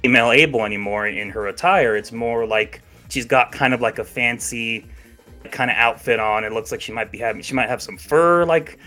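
Bright-voiced man chatting about games. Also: medium pitch, brisk, soft background music. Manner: chatty, hedging with fillers, laughs easily. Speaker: podcast co-host. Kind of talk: casual chat about video games.

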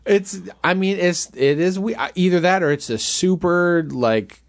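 A man's voice: sits high, a little slow, no room sound. Wry man co-hosting a movie chat. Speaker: podcast co-host. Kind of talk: casual movie-review chat.

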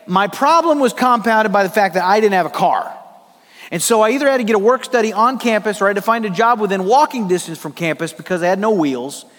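A preacher from South Dakota telling a personal story in a sermon, animated and humorous. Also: male voice, high voice, quick pace. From South Dakota, USA. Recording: long reverb of a large hall.

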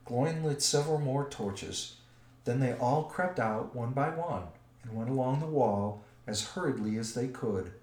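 A man narrating a storybook in a measured, expressive way. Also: mid-range voice. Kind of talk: storybook reading. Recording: roomy echo.

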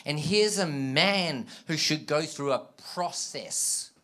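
A man preaching a sermon to a live congregation, animated, acting out scripture dialogue and prompting listeners with call-and-response. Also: a little high, slow. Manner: acts out quoted dialogue in scripture.

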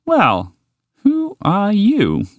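A man's voice: fairly high pitch, very animated, moderate pace, no echo, studio quality, pitched above the performer's own voice. A man playing a polite, quirky giant horse. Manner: polite and dreamily enthusiastic. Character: enormous eccentric male horse, polite and excitable.

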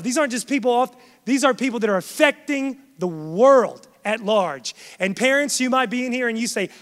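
A man preaching an impassioned sermon as pastor in a church, dropping soft and then rising loud for emphasis. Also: high voice. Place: church sanctuary. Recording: long reverb of a large hall.

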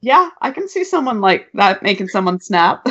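A woman's voice: medium pitch, very animated, moderate pace, pushed and bright, lo-fi sound. A woman in her thirties co-hosting a podcast in casual chat, sarcastic and profane, laughing often. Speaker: podcast co-host.

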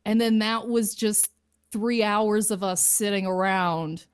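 A woman's voice: mid-range voice, fairly even intonation, slow, clean tone, no room sound. Chatty woman comedian, dry close sound. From Lindsay, Ontario, Canada. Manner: chatty, loose, full of "like" and "you know". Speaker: comedian guest. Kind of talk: casual interview answers.

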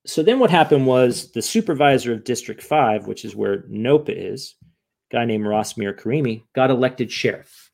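A man's voice: medium pitch, normal speed, vocal fry. A man casually telling a long story, acting out what others said, with many "right?" tags. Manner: animated, acts out quoted voices; fillers and tag questions.

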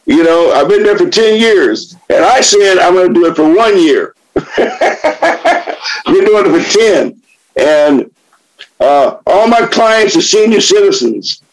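A man's voice: high-pitched, animated, a little slow, low-quality recording. A middle-aged man sharing his story at a recovery meeting, blunt and profane, turning impassioned and preachy. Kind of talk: spoken share.

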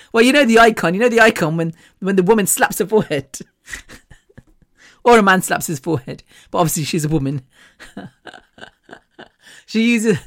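A woman hosting a podcast, telling a personal story in a frank, chatty way and laughing often between sentences. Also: on the low side. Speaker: podcast host. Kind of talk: casual storytelling monologue.

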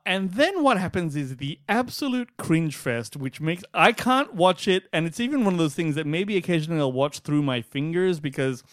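A man's voice: a little high, normal speed, few pauses, dry recording, clean studio sound. A man co-hosting a podcast, ranting in casual chat and swearing freely. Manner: animated, swearing, acts out quotes in mocking voices. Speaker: podcast co-host.

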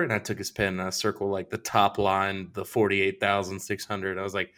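Low, bright-voiced man telling a story. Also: fairly quick. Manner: animated, profane, acts out both sides of conversations. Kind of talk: casual storytelling with quoted dialogue.

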